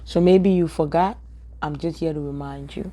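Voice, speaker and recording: A woman's voice: sits low, fairly even intonation, moderate pace, mellow, a little hiss or hum. A woman from Ghana with a Ghanaian accent, giving an emphatic, repetitive opinion rant straight at her viewers. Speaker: social media commentator. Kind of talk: direct-to-camera opinion rant.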